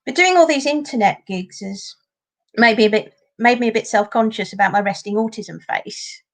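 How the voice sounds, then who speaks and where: A woman's voice: a little high, normal speed, fairly bright tone. Woman comic from northern England, dry sarcastic stand-up delivered over a webcam. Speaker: stand-up comedian. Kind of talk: deadpan stand-up set. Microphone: home video call.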